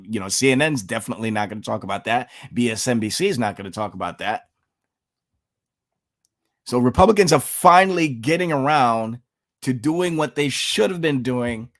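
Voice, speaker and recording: A man hosting his own channel, giving an opinionated commentary monologue, emphatic and full of rhetorical questions with sudden jumps in pitch. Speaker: political commentator, channel host.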